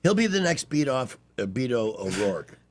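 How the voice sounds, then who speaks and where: A man's voice: medium pitch, very animated, moderate pace. A man hosting a call-in talk radio show, chatting and trading sarcastic political asides.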